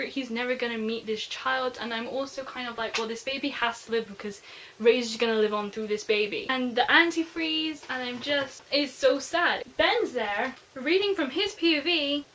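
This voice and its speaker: A woman's voice: fairly high pitch, animated, moderate pace, fairly bright tone, low-quality recording. A young woman gushing emotionally through a casual book review on her vlog. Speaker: book vlogger.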